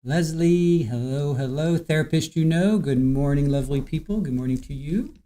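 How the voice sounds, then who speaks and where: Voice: medium pitch, moderate pace, dark tone. A livestream host in casual chat, greeting viewers one by one by name in an easygoing, chatty way.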